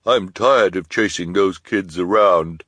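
A man voicing a young boy in an audiobook who forces a loud, fierce bluster. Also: low voice, takes it slowly, no room sound, exaggerated voice. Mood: faking fierce.

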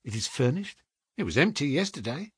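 A man voicing an excitable young male clerk who talks in eager exclamations. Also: mid-range voice, brisk, breathy edge, no room sound, studio quality, heavily acted. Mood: startled.

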